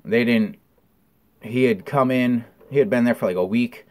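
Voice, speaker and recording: A man's voice: mid-range voice, normal speed. A man giving a casual, candid recovery update, telling a story with lots of ums and blunt swearing. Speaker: vlogger.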